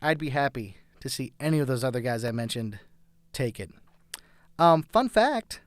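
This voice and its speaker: Chatty man with a smooth voice. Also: medium pitch, very animated, moderate pace, no room sound. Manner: chatty, enthusiastic, rambling. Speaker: sports show host. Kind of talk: casual sports commentary.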